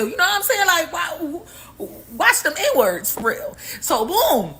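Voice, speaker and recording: Middle-aged woman host, casual livestream chatter, lively and profane, bright tone. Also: sits high, normal speed, a little hiss or hum. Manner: animated, profane, swearing and slangy. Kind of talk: casual live-stream commentary.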